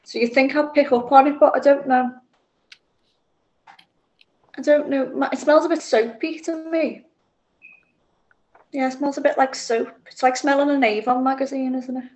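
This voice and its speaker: A woman's voice: high-pitched, steady tone, normal speed, long pauses, a little mellow, a little hiss or hum. A woman co-hosting a podcast, chatting casually, self-deprecating with laughs. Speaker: podcast co-host. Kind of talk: casual chat.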